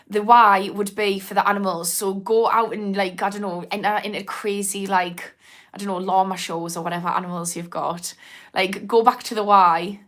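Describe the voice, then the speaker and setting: A woman's voice: mid-range voice, steady tone, normal speed, fairly bright tone. A young woman with a Geordie accent chatting casually on a livestream, rambling and laughing, reading out viewer comments. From Newcastle, England. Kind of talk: casual live chat.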